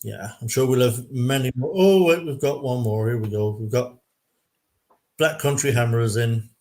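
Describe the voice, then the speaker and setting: An Irish man with a mid-range voice hosts a relaxed live chat show. He talks in an easygoing way and jokes with his guests. He sounds like he is speaking into a video call mic. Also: mid-range voice, moderate pace. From Ireland. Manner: easygoing, joking banter with guests. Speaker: host of a fan livestream show. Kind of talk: casual chat.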